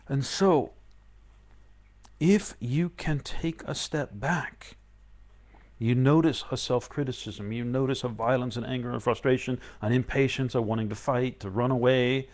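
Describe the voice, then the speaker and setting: Animated man with a lively voice. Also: unhurried. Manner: animated, acts out inner voices with sudden high yelps; shifts between loud outbursts and quiet calm explaining. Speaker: spiritual teacher. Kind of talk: live-streamed talk.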